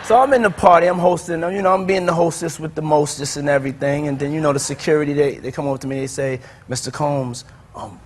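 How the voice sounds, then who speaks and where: A man telling a funny anecdote in a talk interview, animated and laughing often. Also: a little high, fast talker, slight background noise.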